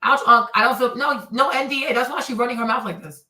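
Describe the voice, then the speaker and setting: A woman hosting a celebrity commentary show, talking in an animated, exasperated way as she roasts people, mixing in a few Spanish phrases. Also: high-pitched, fast talker, reverberant, recorded from a distance, low-quality recording.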